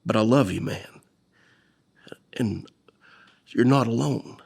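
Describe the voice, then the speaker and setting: Gravelly Oklahoma stepfather, earnest. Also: mid-range voice, slow pace, a little mellow. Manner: earnest, repeats words, speaks with emotion. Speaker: stepfather of the deceased. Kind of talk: documentary interview storytelling.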